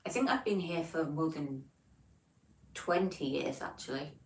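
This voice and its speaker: A woman's voice: deep voice, lively intonation, unhurried, echoey room, distant mic, low-quality recording. A woman in her forties with a Devon English accent, chatting casually on a livestream, reading out viewer comments in a chatty, self-deprecating way. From England. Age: 40s. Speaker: livestream host.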